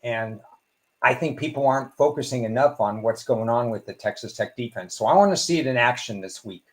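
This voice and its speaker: A man talking as a guest on a sports betting show, giving measured, analytical football picks and thinking aloud with small restarts. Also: mid-range voice. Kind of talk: casual sports betting talk.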